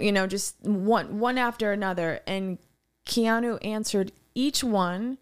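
A woman co-hosting a podcast, telling animated, rambling anecdotes in casual chat. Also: medium pitch, takes it slowly, clear, resonant tone. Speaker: podcast co-host.

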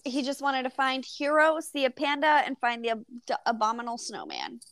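A woman co-hosting a podcast in a casual book chat, animated, laughing often and swearing casually. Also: high-pitched, brisk, no echo. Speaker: podcast co-host.

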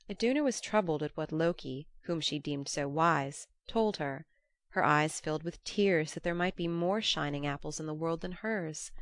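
Woman reading an old myth aloud, low voice, measured, dry close sound. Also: no room sound. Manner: measured, old-fashioned storytelling. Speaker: narrator. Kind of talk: storybook reading.

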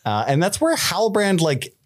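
A man's voice: sits high, huge pitch swings, normal speed. A man co-hosting a podcast, recapping a TV episode in casual, jokey chat and laughing often. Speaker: podcast co-host.

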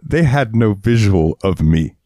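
A man with a very low voice tells a story on a podcast in casual chat. He swears a lot and acts out the other people's lines with feeling. The sound is dry and close, with no room in it. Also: expressive, unhurried, dark tone, no echo. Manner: profane, heated storyteller acting out quotes. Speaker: podcast co-host.

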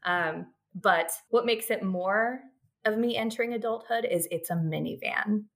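A woman's voice: medium pitch, a little slow. A woman in her thirties, a podcast guest, chatting casually and laughing often as she tells a story. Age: 30s. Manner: giggly, animated storytelling.

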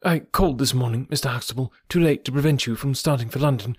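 A man's voice: medium pitch, fast talker, breathy edge, no room sound, studio quality, lightly acted. A man voicing a nervous, alert young male secretary who speaks in a clipped, assertive way. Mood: curtly reproachful.

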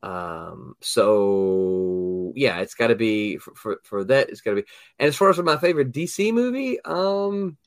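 Guy hosting a chill podcast chat, pitch jumps around a lot, dry close sound, lots of ums. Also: lively intonation, unhurried, dry recording. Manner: hesitant, lots of restarts and laughter. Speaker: podcast host. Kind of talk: casual chat.

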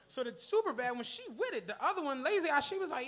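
A man tells a comic story on a club stage, laughing often as he acts out everyone's lines. His voice sits very high for a man and sounds bright and forceful, and his delivery is slangy and animated. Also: fast, few pauses. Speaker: podcast host. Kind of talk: comic storytelling at a live show.

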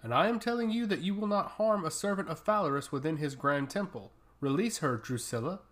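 A man voicing a proud male high priest who speaks in a commanding, indignant way. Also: expressive, fairly quick, fairly bright tone.

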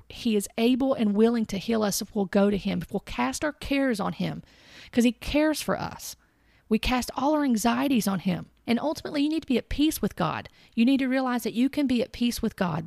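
A woman sharing a personal faith testimony in an earnest, halting way, often restarting and repeating words. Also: a little high, creaky, a little mellow, no room sound, clean studio sound. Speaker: Christian speaker sharing testimony.

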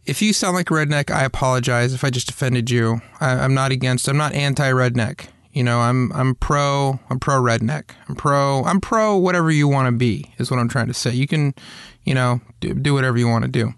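A man's voice: medium pitch, brisk, clean tone, no echo, studio quality. A man hosting his own podcast, chatting casually and self-deprecatingly, with lots of restarts and tangents. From Atlanta area, US. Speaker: podcast host. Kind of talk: casual monologue.

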